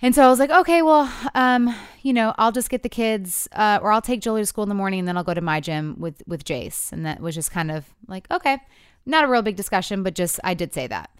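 A woman's voice: mid-range voice, brisk, clear, resonant tone, no room sound, studio quality. A woman in her thirties telling a couple's story in candid chat, acting out the quotes as she goes. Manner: animated storytelling with voiced quotes.

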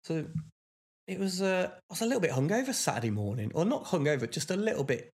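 A man's voice: fairly high pitch, sing-song, fast. A man co-hosting a podcast, chatting casually with lots of fillers and restarts. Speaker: podcast co-host. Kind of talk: casual chat.

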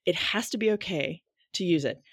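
A woman's voice: on the low side, moderate pace, breathy edge, no room sound, clean studio sound. A woman who trained at seminary, talking expressively as a guest in a panel conversation and laughing often.

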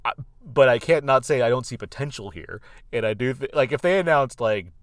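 A man's voice: mid-range voice, animated, fairly quick, dry recording, studio quality. A man co-hosting a podcast, chatting casually about a film and thinking aloud at length with strong opinions. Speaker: podcast co-host. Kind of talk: casual film review chat.

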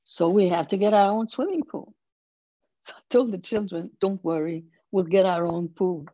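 A woman in her eighties, an interview guest telling stories slowly and thoughtfully, laughing softly now and then. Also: medium pitch, dry recording, dull audio. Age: 80s. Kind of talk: storytelling in conversation.

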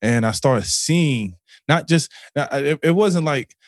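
A man's voice: a little high, expressive, slow, no room sound, studio quality. Earnest man telling a raw story. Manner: earnest, emotional and profane, with many restarts and fillers. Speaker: podcast guest. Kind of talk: personal storytelling in an interview.

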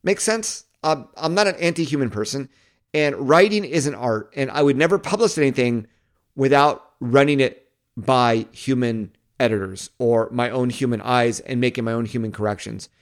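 A man's voice: medium pitch, moderate pace. A man hosting a casual walkthrough of a marketing tool, chatty and thinking aloud. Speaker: marketing video host. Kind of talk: casual screen-recording walkthrough.

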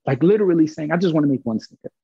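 A gravelly, husky man tells a story in a loose, animated way, doing the voices of everyone in it. The recording is dry and a bit dull, as if from a muffled close mic. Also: fairly high pitch, racing, no room sound. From Brooklyn, New York. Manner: animated, acts out quoted dialogue, swears freely. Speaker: guest telling a story. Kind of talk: casual storytelling.

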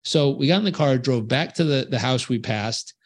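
A man tells a long personal story in a relaxed interview, his pitch sitting in an ordinary middle range. He is animated and lively, slipping into the voices of the people he meets. He sounds easygoing and conversational throughout. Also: normal speed. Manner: animated storyteller who acts out quoted voices. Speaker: guest, life coach. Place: home on a rural island beach.

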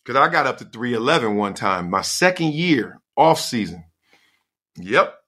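A middle-aged man hosting a casual solo podcast, telling stories in a slangy, animated way and laughing often. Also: mid-range voice, moderate pace. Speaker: podcast host.

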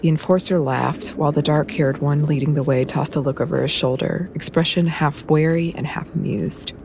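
A woman narrating a novel in a measured, even storytelling manner. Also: low-pitched, gravelly, background noise. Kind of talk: audiobook narration.

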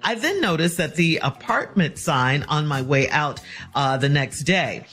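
A woman's voice: low voice, lively intonation, measured pace, fairly bright tone, soft background music. A chatty woman co-host reads a listener's letter aloud. She then gives emphatic, frank advice. She laughs easily as she talks. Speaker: radio co-host.

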